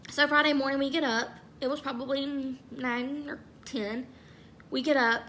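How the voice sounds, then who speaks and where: A young woman in her twenties speaking tenderly and haltingly about her own loss, with soft laughs and restarts. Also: fairly high pitch, slight background noise. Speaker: bereaved mother sharing her story. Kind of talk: emotional personal Q&A vlog.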